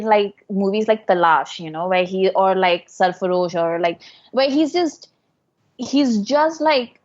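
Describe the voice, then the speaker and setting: A woman co-hosting a podcast who gives blunt, opinionated takes on films in casual chat. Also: on the high side. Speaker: podcast co-host. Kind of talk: casual film discussion. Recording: dull lo-fi recording.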